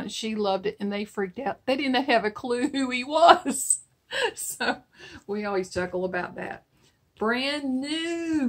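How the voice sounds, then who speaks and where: Chatty breathy woman with a twang. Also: medium pitch. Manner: chatty, laughs while telling stories. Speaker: online vintage seller. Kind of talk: casual product showcase and storytelling.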